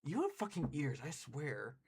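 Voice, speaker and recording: A man streaming and chatting casually with his viewers, excitable and quick to laugh and swear. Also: a little high, husky. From United States.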